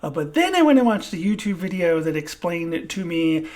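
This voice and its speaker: A woman giving an unscripted TV review alone, halting often to search for words and laughing at herself. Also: on the low side, big pitch swings, a little mellow. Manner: self-deprecating, laughs at herself.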